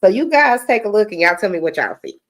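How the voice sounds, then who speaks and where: A woman giving casual reaction commentary, talking deliberately and correcting herself as she goes. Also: mid-range voice, big pitch swings. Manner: deliberate, self-correcting, direct.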